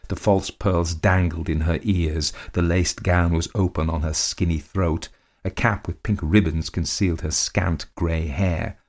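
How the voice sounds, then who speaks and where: Very deep-voiced male story narrator. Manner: measured, dramatic storytelling.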